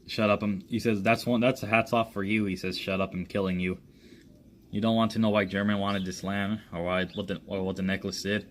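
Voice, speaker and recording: A man narrating his own action story off the cuff, voicing the characters' lines himself in a halting, rambling way with many restarts. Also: on the low side, level tone, slight background noise. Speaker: amateur storyteller.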